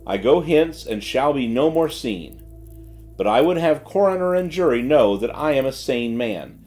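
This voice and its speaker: A man's voice: medium pitch, a little mellow, lightly acted. A man voicing a disgraced clergyman's farewell letter in a solemn, declaiming way. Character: ruined gambling clergyman writing farewell.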